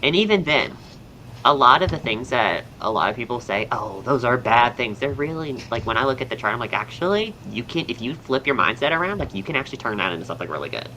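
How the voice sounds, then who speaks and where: A man's voice: mid-range voice, expressive, fast, bright, forceful tone, slight background noise, low-quality recording. A young man with a Southern American accent hosting a podcast, chatting casually and rambling upbeat with lots of fillers. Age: young adult. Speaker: podcast host and astrologer. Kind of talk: casual chat.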